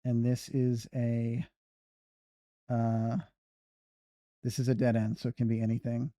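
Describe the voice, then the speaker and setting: Mellow-voiced man muttering through a game. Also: mid-range voice, monotone, unhurried, dry recording, studio quality. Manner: muttering, humming to himself while planning moves. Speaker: streamer playing a video game. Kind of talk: casual gameplay commentary.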